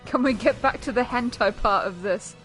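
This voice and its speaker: A woman's voice: fairly high pitch, normal speed, faint music behind, poor audio. A woman co-hosting a casual gaming stream, chatting bluntly and giggling while she reads the chat aloud. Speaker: streamer co-host.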